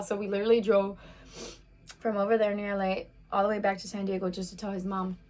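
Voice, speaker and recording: A woman in her twenties telling a personal story on a casual vlog while eating, talking fast with lots of "like" fillers. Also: medium pitch, little pitch movement, darkish tone. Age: 20s. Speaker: vlogger.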